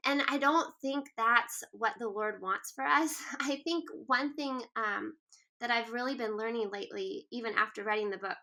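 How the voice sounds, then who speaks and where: In a relaxed interview, a woman in her thirties who is a guest author reflects earnestly on things, sprinkling in lots of "um" and "like." She speaks at a normal speed in a highish, sharp voice.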